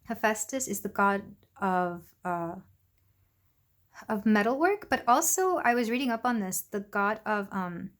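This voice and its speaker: A young woman giving a casual pick-a-card tarot reading, gentle and chatty with frequent ums and asides. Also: medium pitch, lively intonation, a little slow. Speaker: tarot reader.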